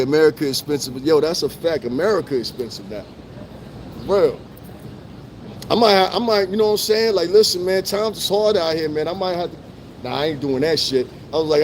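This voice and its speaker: A man's voice: fairly high pitch, background noise. A middle-aged man chatting loosely to his live-stream viewers on a city street, full of swearing and laughter. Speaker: livestream host.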